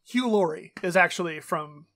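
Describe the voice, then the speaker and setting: A man co-hosting a podcast in casual chat, rambling and animated, with lots of fillers and swearing. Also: sits high, normal speed. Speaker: podcast co-host.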